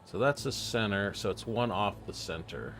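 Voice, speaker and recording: A man's voice: on the low side, normal speed, a bit bright, a little hiss or hum. A man streaming a building game, muttering half-sentences to himself and chatting casually with his viewers. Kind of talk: casual live-stream commentary while playing.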